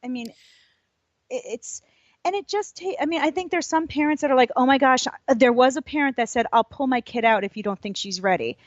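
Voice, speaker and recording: A woman's voice: sits high, dry recording. Chatty woman teacher, slightly muffled. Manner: chatty, lively, quick laughs. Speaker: early childhood educator, co-host. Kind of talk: casual podcast chat. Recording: slightly dull lo-fi sound.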